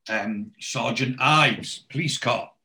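A man in a relaxed podcast chat, walking through an episode as he goes. He rambles and fills gaps with "you know" and "um", and his voice sits in an ordinary middle pitch. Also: takes it slowly, gravelly. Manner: rambling, heavy on fillers. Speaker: podcast host. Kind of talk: casual chat recapping a TV episode.

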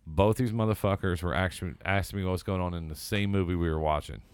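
A man's voice: low-pitched, fast, smooth. A man co-hosting a podcast, telling stories bluntly and casually with lots of swearing. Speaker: podcast co-host. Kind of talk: casual profane storytelling.

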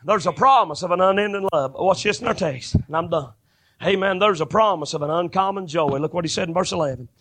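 A man preaches a fervent sermon. His voice is high and bright, and it climbs into shouted, ringing stretches. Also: fairly quick. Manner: fervent, rising to shouted bursts.

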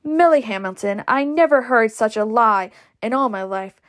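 A woman's voice: on the high side, animated, moderate pace, fairly bright tone. A woman voicing a bossy, indignant older society matron who speaks firmly. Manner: firm, scolding.

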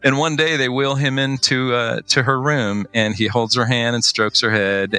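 A man in casual conversation, retelling a song's story in a halting, heartfelt way with many restarts. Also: medium pitch, fairly even intonation, bright, forceful tone. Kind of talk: casual chat.

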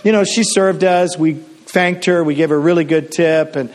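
A man's voice: a little high, steady tone, moderate pace. A middle-aged man from Canada preaching a sermon as a pastor, telling stories casually with frequent restarts and fillers.

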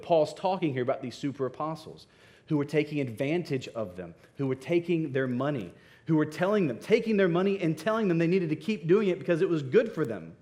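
A man's voice: on the high side, animated, fairly quick, a little mellow. A man preaching, reading scripture aloud with emphasis and then explaining it to his congregation. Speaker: pastor. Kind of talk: sermon.

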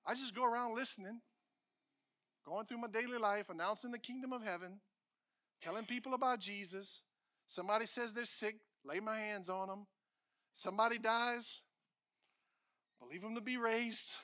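A man preaching as a pastor, emphatic and repetitive, swinging between loud declarations and hushed lines. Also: high voice, normal speed, pauses often. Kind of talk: sermon.

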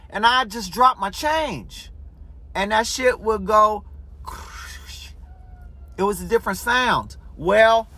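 A man telling a story in a casual, animated way, full of swearing. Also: sits high. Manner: animated, profanity-heavy storytelling.

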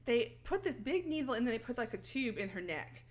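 A woman podcast host casually recapping a film, telling the story in an animated, profane way. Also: a little high, fairly quick. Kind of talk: casual chat.

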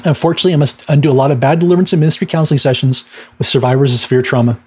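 A man's voice: mid-range voice, very fast, breathy edge. A middle-aged man, a minister giving a casual teaching talk, telling stories with fillers and little laughs. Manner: conversational storytelling with laughs and fillers.

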